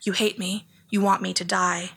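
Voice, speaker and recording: A woman reading the lines of a controlling, volatile female lover in a hushed, flat audiobook voice. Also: mid-range voice, moderate pace, vocal fry, slightly rough. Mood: accusing.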